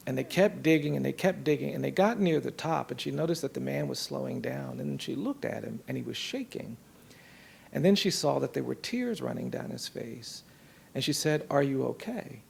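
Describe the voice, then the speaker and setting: A man telling a story from his work in an earnest, measured way, voicing the people in it softly. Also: mid-range voice, expressive, a little hiss or hum. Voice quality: gravelly, husky. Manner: earnest, measured storytelling with soft quoted voices. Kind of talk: storytelling talk.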